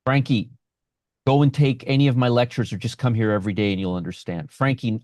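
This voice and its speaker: Male trading host, live-stream teacher, cocky and sarcastic, mid-pitched voice, recorded dry and close. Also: a little fast, darkish tone, dry recording. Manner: brash, sarcastic, answers chat by name. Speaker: options trading instructor.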